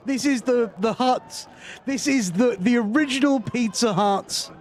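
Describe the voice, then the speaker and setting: A man's voice: very high-pitched, unhurried. A British man hosting a reaction video, giving casual commentary with wry, sarcastic asides. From Britain.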